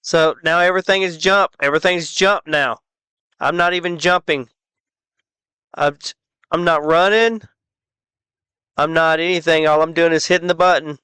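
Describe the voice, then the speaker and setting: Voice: medium pitch, steady tone, moderate pace, long pauses, sharp tone, clean tone, dry recording. A gaming streamer giving casual commentary while playing, frustrated, swearing and muttering at the game.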